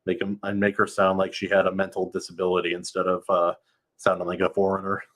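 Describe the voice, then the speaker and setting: A man's voice: low-pitched, completely flat delivery, fast talker, fairly bright tone. A man reading a novel aloud on a live stream and chatting casually with viewers, laughing often.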